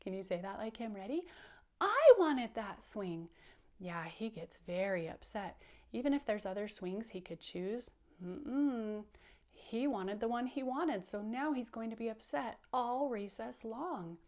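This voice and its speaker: A woman teacher giving a storytime lesson for young children, animated and asking them to repeat after her. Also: on the high side, measured pace.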